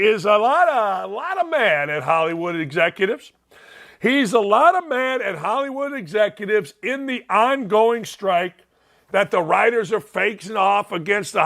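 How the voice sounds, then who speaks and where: A man with a Northwest Indiana accent gives brash, mocking sports talk commentary in a fairly high voice. He pushes his volume up and slips into shouts, and his tone stays sarcastic and combative. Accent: Northwest Indiana (Gary). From Northwest Indiana, USA. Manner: loud, mocking, lively, swings into shouting. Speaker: sports talk show host.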